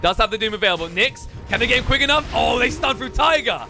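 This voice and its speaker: A man casting a live video game match with rapid, excitable play-by-play. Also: extremely high pitch, vocal fry, faint music behind. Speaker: esports caster.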